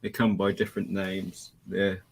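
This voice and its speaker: A man with a fairly low voice co-hosts a casual mystery podcast. He muses and speculates, trailing off and hedging, with the odd laugh between points. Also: completely flat delivery, normal speed, breathy edge. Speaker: podcast co-host. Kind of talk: casual conspiracy chat.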